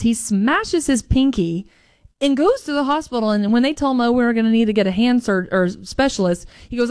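A young woman, co-hosting a podcast, an animated storyteller who laughs often. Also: on the high side, no room sound. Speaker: podcast co-host. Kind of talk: casual chat.

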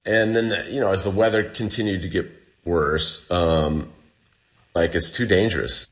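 In an interview, a low-pitched man relates his survival story at a moderate pace in a relaxed, storytelling way. He gets animated and performs the lines other people said.

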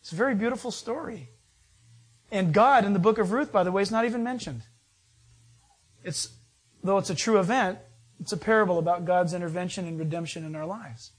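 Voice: mid-range voice, fairly quick, long pauses, slightly rough. Conversational preacher telling a Bible story. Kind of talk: sermon.

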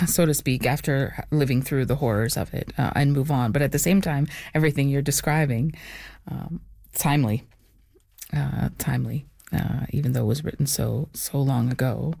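A man's voice: medium pitch, moderate pace, gravelly, a little mellow, no room sound, clean studio sound. A man hosting an interview, asking reflective, open questions. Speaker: interview host.

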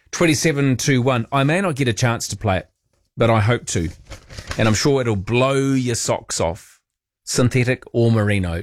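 A man's voice: mid-range voice, no room sound, clean studio sound. A man hosting talkback radio, chatty and teasing, poking fun at himself. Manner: chatty, teasing, self-mocking. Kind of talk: casual talkback chat.

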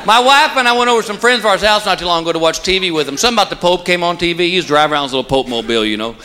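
A man's voice: sits high, expressive, rapid-fire. A man doing a folksy stand-up routine, stretching out his punchlines. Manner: folksy storytelling with a drawled punchline. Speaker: stand-up comedian. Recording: live show with loud audience.

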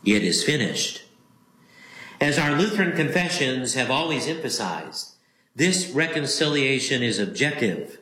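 A man preaching a sermon as a Lutheran pastor. He speaks in a measured, emphatic way and repeats key phrases for weight. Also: mid-range voice, very animated, bright, forceful tone. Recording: roomy echo.

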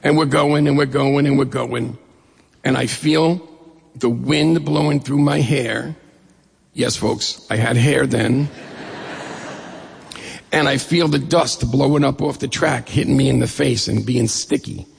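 A man with a gravelly voice, retelling a personal story in a lively, animated way. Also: medium pitch, measured pace, long pauses. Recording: long reverb of a hall.

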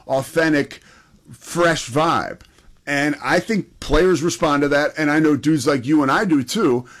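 Casting: enthusiastic sports talk host, slightly high voice with a lively lilt. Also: male voice. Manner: enthusiastic, conversational.

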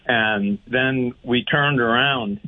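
A man's voice: medium pitch, takes it slowly. A man calling into a radio show, telling a jokey story with many hesitations. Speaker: caller. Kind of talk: call-in anecdote. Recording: tinny phone line.

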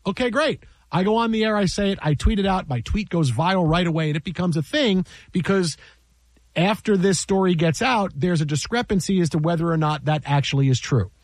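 A man's voice: high-pitched, a little fast, dry recording. A man who works in sports broadcasting tells a story in casual chat, exasperated, repeating himself and acting out what people said.

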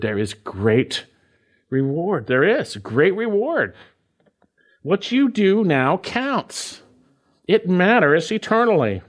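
A middle-aged man preaching a verse-by-verse sermon, stressing key words slowly and repeating phrases for emphasis. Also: a little high. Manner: emphatic, repeats key phrases, swoops between slow stresses and quick asides. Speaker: pastor. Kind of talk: expository sermon.

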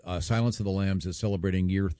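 A man's voice: deep voice, fairly even intonation, fast, dark tone, no echo, studio quality. A man chatting on a comedic talk show, self-mocking and playful. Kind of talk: casual comedic banter.

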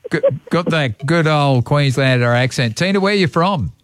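A man's voice: a little high, lively intonation, moderate pace, no room sound. A man with an Australian accent hosting casual talkback radio, chatting with callers in a matey way. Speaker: radio host. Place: radio studio. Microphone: studio microphone.

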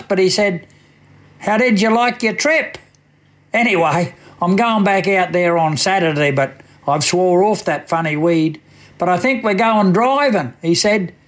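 An Australian man reciting a comic bush poem on the radio like a wry yarn-spinner. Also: sits high. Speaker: radio poet.

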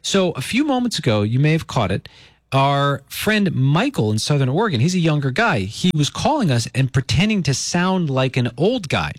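A man's voice: fairly high pitch, sing-song, moderate pace, no echo, studio quality. A man hosting a morning radio show, bantering playfully with a caller. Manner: upbeat and playful.

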